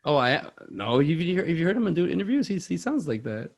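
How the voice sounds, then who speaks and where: A man's voice: a little high, very animated, brisk, vocal fry. A man hosting a movie podcast in casual, rambling chat, self-deprecating with many restarts. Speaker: podcast host.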